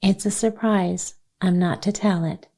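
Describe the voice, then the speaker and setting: A woman reading as a quiet, comforting caretaker. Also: lowish voice, fairly even intonation, measured pace. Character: calm, kindly adult woman caring for children.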